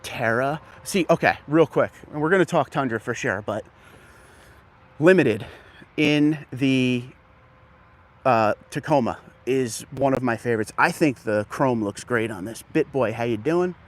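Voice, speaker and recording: A man with a mid-range, unhurried voice hosts a casual live stream while walking through an outdoor dealership lot. He greets viewers by name and sounds a little out of breath from the walk. Faint outdoor noise sits in the background.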